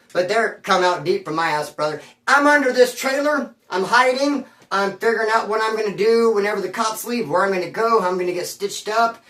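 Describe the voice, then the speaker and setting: A man telling a story from his past in casual, slangy street talk, rambling and animated and calling the listener homeboy. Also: high-pitched. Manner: rambling and animated, with sound effects. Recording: roomy sound from a distance.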